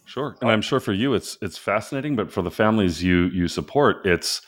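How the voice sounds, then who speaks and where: A man with a low voice hosts the conversation. He mostly gives short agreeing replies and sometimes adds a short comment. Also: lively intonation, a little fast. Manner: brief affirming responses. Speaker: interviewer. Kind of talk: conversational interview.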